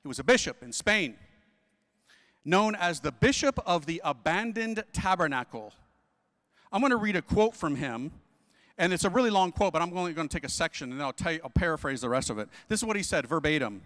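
A man's voice: on the high side, lively intonation, a little fast, a bit bright. A man in his forties, a Catholic priest, preaching at a conference in an emphatic, slangy way full of rhetorical questions. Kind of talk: energetic preaching. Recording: hall reverb.

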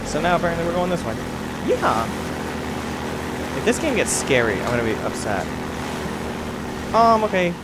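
Goofy man exclaiming over a game. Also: medium pitch. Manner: goofy, exclaiming, mildly crude. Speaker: gamer. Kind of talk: gameplay commentary. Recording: noisy, with game sound behind.

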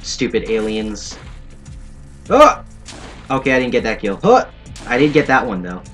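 A man's voice: lowish voice, animated, brisk. A young man giving playful, sarcastic commentary while playing a shooter game. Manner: playful, sarcastic, jokey asides. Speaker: gaming commentator. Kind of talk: let's play commentary. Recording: faint game music behind.

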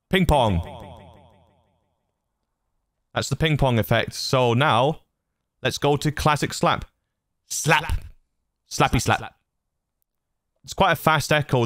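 A host demonstrating audio gear casually walks through the voice effects on his mixer, chatty and laughing at his own silliness. His medium-pitched voice is a bit bright, recorded on a studio broadcast mic with no room sound.

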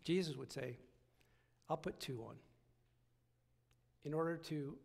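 A man's voice: on the high side, unhurried, creaky, darkish tone, big-room sound. A man preaching a sermon as pastor, repeating phrases and building to emphatic peaks. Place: church sanctuary.

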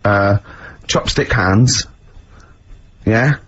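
A man's voice: fairly low pitch, very slow, a bit bright. A man co-hosting a radio show in casual banter, playfully spinning silly hypotheticals and laughing. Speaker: radio co-host. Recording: muffled radio broadcast with light hiss.

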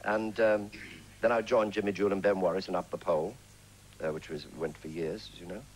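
A man's voice: low-pitched, brisk, rough recording. An English actor in his sixties telling anecdotes in a chat show interview, slipping into character voices and laughing. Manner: lively storyteller, breaks into character voices and laughs. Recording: 1980s TV studio, faint hiss.

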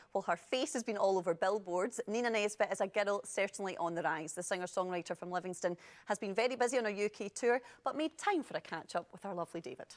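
A woman presenting an entertainment news show, bright and playful. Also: mid-range voice. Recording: music underneath.

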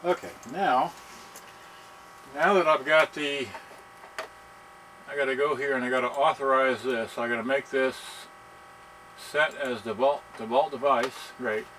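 A man walks through a stereo he has serviced, in a casual demo. His voice is bright and forceful, with a faint electrical hum behind it. He talks in halting bits and thinks aloud as he works. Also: medium pitch, fairly even intonation, poor audio. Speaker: seller demonstrating a serviced stereo. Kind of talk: casual product demonstration.

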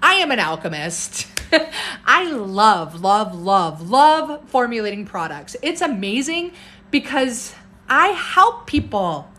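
A woman's voice: on the high side, very animated, takes it slowly, sharp tone. A woman herbalist chatting casually on a live stream, bubbly and talkative, reading out viewer comments. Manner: bubbly, chatty, laughs often, reads viewer comments aloud.

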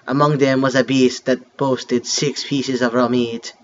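A man voicing a solemn creature telling a creation myth, in a hushed, dramatic delivery with a mock French accent. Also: mid-range voice, flat delivery, a little slow, highs cut off, voice pushed down, natural voice. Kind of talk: reading game text aloud.

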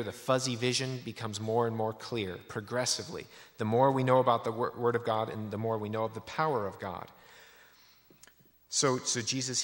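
A man's voice: medium pitch, fairly bright tone. A man giving a sermon in a church, telling a story with many restarts. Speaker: preacher. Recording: echoey church hall.

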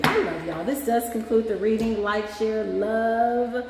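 A woman's voice: fairly high pitch, a little slow. A woman hosting a casual spiritual reading on her channel. She talks in a sassy, chatty way and keeps calling her listeners "child" and "y'all". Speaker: spiritual reader and channel host. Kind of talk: casual tarot-reading vlog talk. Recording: echoey room with faint background hum.

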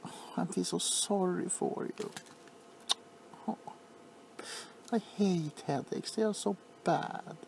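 A man playing an overly attached, sentimental pharmacist in a whispered role-play, softly fussing and apologizing. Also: high-pitched, slow pace, creaky, long pauses, slight background noise, heavily acted. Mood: sweetly doting.

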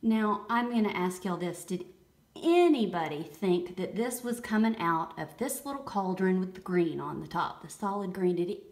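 A middle-aged woman, gushing over a bath product demo and shifting between hushed whispers and excited exclamations. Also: fairly low pitch, normal speed. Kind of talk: casual demo commentary. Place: bathroom by a tub. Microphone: handheld camera held away. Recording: echoey bathroom, mic at a distance.

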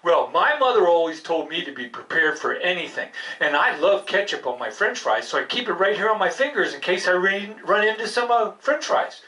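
Brief: bright, bouncy puppet dog boy, kind and excitable, voiced by a woman, roomy and from a distance. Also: fairly low pitch, fairly quick, hardly any pauses. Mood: playful. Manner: bouncy, exclaiming, talks to the kids. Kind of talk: live puppet show.

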